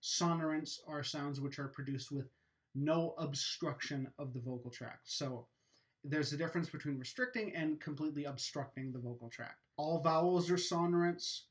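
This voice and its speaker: A man's voice: a little high, normal speed. A man teaching a lesson, explaining patiently and methodically with occasional fillers. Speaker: educator. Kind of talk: explanatory lecture.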